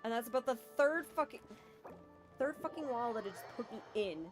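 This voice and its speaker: A woman streaming a video game, complaining and cursing at it, swinging between low muttering and loud outbursts. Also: animated, moderate pace, faint music behind. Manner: frustrated, swearing, swings from muttering to yelling. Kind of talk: live gameplay commentary.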